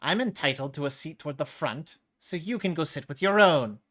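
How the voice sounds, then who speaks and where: A man's voice: on the high side, expressive, a little fast, fairly bright tone, voice pushed up. A man doing a snooty, entitled businessman. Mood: indignant. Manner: haughty, sputtering.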